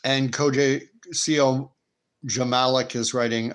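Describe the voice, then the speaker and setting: A man's voice: mid-range voice, little pitch movement, measured pace, a bit bright. Digressive Canadian man hosting a stream. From Canada and the United States. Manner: digressive, reads viewer chat messages aloud. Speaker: host. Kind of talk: casual live-stream commentary.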